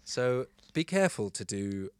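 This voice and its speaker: A very noisy recording captures a man chatting on a podcast, animatedly telling a story and performing the quotes of people involved. His voice is mid-range, and he speaks at a measured pace.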